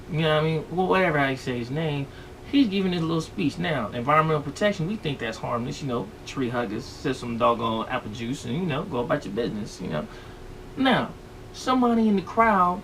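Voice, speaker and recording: A man's voice: medium pitch, a bit bright, far from the mic, slight background noise. A man hosting a vlog, riffing on the news in a rambling, slangy comedic rant and constantly asking if you know what he's talking about. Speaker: vlog host.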